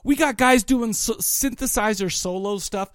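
A middle-aged man co-hosting a podcast in casual chat, rambling and excitable, often restarting his sentences. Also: high voice, normal speed, clean tone, no echo, clean studio sound. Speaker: podcast co-host.

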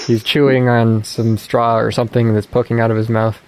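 A man's voice: mid-range voice, level tone, a little fast, darkish tone. Man narrating as game master. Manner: plain descriptive narration.

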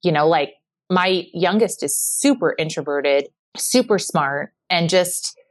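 A woman in her forties talking casually as a podcast guest, animated, acting out quoted dialogue and often saying "like". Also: lowish voice, slow pace. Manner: animated storyteller who acts out quoted dialogue; frequent filler 'like'. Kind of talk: casual conversation.

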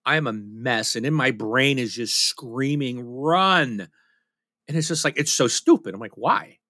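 A man talks in loose, casual podcast chat, candid and a little self-deprecating. He circles back and restarts often. His voice is bright and forceful, recorded dry with no room sound. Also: medium pitch, moderate pace, no echo. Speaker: podcast co-host.

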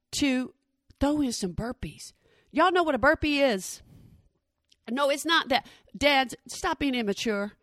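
Lively woman doing stand-up, lapel mic. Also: on the high side, no echo, clean studio sound. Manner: animated, addresses the audience directly, acts out quoted voices. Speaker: stand-up comedian. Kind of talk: stand-up comedy storytelling.

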